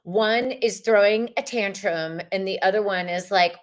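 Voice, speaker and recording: A woman hosting a livestreamed tarot reading, chatty and expressive, greeting viewers in the chat as she pulls cards. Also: medium pitch, moderate pace, hardly any pauses. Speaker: tarot reader.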